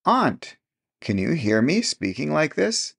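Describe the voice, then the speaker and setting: A man's voice: mid-range voice, wildly swooping pitch, unhurried, creaky, breathy edge, pitched above the performer's own voice, full character voice. A man voicing a timid, bewildered young woman who speaks hesitantly and stammers.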